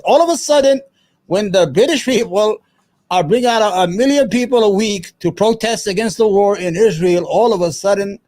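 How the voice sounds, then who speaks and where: Impassioned high-voiced male commentator. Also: darkish tone. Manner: angry, profane, emphatic. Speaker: show host.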